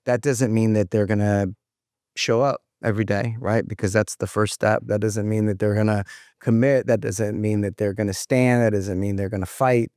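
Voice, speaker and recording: A man's voice: on the low side, steady tone, normal speed, darkish tone, no echo, studio quality. A man chatting as a guest on a casual podcast, speaking in an easygoing, earnest way about his business and his family.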